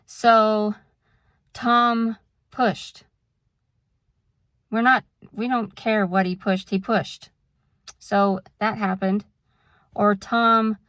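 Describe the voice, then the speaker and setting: In studio-quality audio with no echo, a woman vlogger with a mid-range voice chats casually to camera. Her monologue patiently walks through examples to explain things, then wanders into a candid rant.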